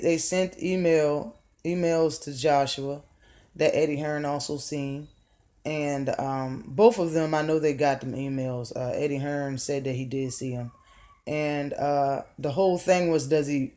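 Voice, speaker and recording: A woman's voice: low voice, dark tone. Blunt, profane woman ranting. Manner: blunt, profane, heated rant; rhetorical questions, repeats words for emphasis. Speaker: vlogger. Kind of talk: opinion rant vlog.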